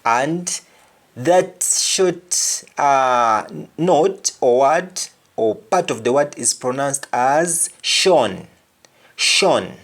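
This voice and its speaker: A man giving a pronunciation lesson at a very slow, careful pace. He says each word and then says it again, and his pitch rises and falls widely from word to word. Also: animated, a bit bright. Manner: deliberate, says each word twice to contrast sounds. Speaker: pronunciation teacher.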